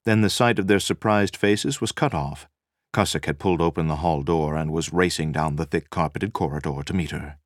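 A man reading a novel aloud as narrator, measured and dramatic. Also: very deep voice, no room sound, studio quality. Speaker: audiobook narrator. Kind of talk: scripted narration.

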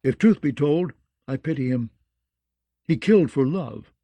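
A man voicing a smooth, courteous male lord with a mild, apologetic manner. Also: a little high, animated, unhurried, dry recording. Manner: soft-spoken, apologetic courtesy.

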